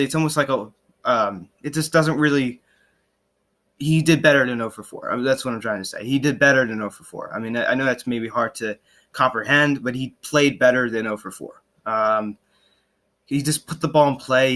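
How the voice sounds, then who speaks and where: Animated young man ranting about baseball. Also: mid-range voice. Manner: animated, frustrated, sarcastic asides, many fillers and restarts. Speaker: podcast host. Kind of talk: casual sports podcast rant.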